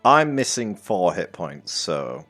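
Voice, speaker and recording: A man's voice: low voice, big pitch swings, slow pace, a bit bright, faint music behind. A man playing a tabletop game, trading jokes with the table. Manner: joking banter. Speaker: player.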